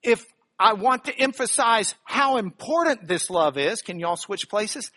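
A man's voice: high voice, animated, unhurried, sharp tone. A man giving a live teaching talk to an audience, explaining step by step and checking in with rhetorical questions. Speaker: bible teacher.

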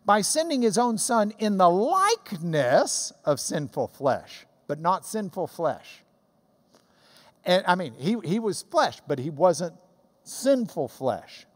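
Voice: medium pitch, big pitch swings, takes it slowly. A Bible teacher giving an emphatic, explanatory sermon in a church hall.

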